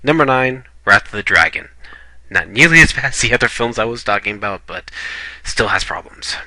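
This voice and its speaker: Male reviewer, blunt and casual, swears freely; bright, close, dry sound. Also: on the low side, expressive, a little fast, dry recording, low-quality recording. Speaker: video reviewer.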